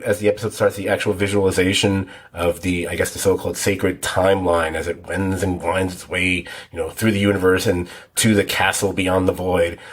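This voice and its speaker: Guy cohosting a tv podcast, low husky voice, rambly and jokey about himself. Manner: rambling, self-deprecating, lists details in long runs. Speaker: podcast co-host. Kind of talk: casual chat.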